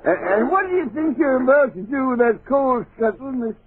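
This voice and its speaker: A bitter old miser snarls and scolds in a raspy, reedy voice that leaps high and drops low. It is 1940s radio drama, heard over a thin, tinny broadcast recording. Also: male voice, lively intonation, brisk, no room sound, full character voice. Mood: snarling.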